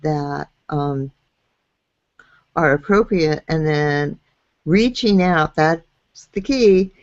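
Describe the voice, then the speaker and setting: Female show host, slow and low-pitched, encouraging; dull, dry video-call sound. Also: dry recording. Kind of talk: hosting a live video chat show.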